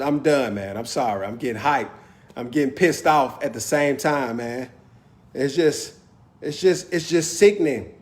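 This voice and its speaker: Man, high-pitched voice, AAVE, heated, preachy, slangy, repeats himself for emphasis. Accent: African American Vernacular English. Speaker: video host. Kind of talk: impassioned monologue.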